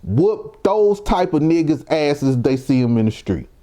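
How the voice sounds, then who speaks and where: Animated man, heated rant. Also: a little high, unhurried. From Mississippi. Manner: provocative, animated, rhetorical questions. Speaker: commentary vlogger. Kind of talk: heated reaction commentary.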